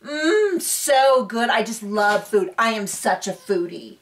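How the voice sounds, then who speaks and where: A woman mimicking a showy reality-TV woman who moans with drawn-out delight over food, recorded a bit away from the mic. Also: a little high, big pitch swings, distant mic, low-quality recording. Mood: gushing. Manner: breathy drawn-out moaning delight.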